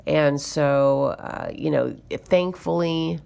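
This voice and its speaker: A woman's voice: low-pitched, fairly even intonation, slow, creaky, mellow, clean tone. A woman chatting to camera as a budgeting vlogger, telling a story in a chatty, exasperated way. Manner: chatty, exasperated retelling with fillers. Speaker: budgeting YouTuber.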